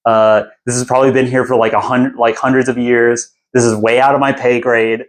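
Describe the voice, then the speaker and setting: Man playing a gruff male monster hunter, blunt, exasperated, swearing, plain voice. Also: mid-range voice, flat delivery, fairly quick, natural voice, rough recording. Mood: alarmed.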